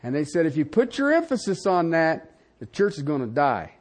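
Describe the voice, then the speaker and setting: An older man preaching a sermon, animated and conversational, with frequent asides to the congregation. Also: normal speed. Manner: animated preaching with wide swings in pitch and loudness, asides to the audience. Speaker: pastor.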